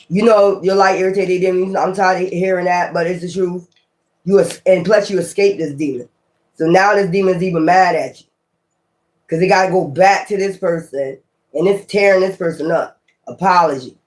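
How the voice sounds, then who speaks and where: A man giving a casual tarot reading to his viewers, blunt and profane, talking in an animated way. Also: high-pitched. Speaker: tarot reader.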